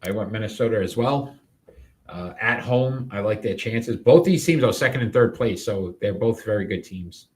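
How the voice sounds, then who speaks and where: A man's voice: fairly low pitch, lively intonation, moderate pace, darkish tone. A man co-hosting a sports picks show in casual banter, announcing the matchups and joking along.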